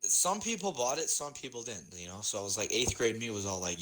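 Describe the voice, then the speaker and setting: A young man with a Midwestern American accent rambles through a laid-back podcast chat and laughs easily. His voice sits a little low but sounds bright and forward. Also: sing-song, a little fast, hardly any pauses, low-quality recording. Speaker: podcast co-host. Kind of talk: casual chat.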